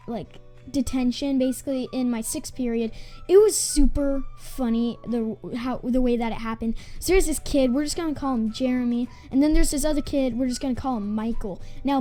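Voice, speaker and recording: High-voiced rambling storyteller. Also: female voice, dark tone. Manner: rambling, lots of "like" fillers and restarts. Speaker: gaming channel host. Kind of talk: casual storytelling.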